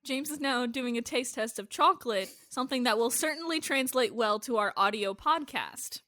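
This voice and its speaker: A woman's voice: on the high side, moderate pace, bright, forceful tone, no echo, clean studio sound. Wry, foul-mouthed woman podcaster. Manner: wry, sarcastic, swears freely. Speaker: podcast co-host. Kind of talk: casual chat. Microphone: remote video call.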